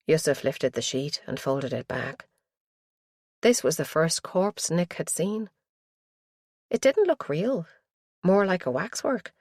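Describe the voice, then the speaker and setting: Woman narrator, low voice, measured thriller reading, dry studio sound. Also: animated, a little mellow, no room sound. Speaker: audiobook narrator. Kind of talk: scripted narration.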